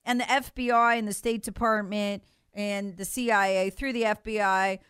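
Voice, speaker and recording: A woman's voice: medium pitch, steady tone, normal speed, a bit bright, clear, resonant tone, dry recording. Woman radio host, fiery and emphatic, dry close studio sound. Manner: impassioned, emphatic, mocking. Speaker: radio talk show host. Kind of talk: political talk radio commentary.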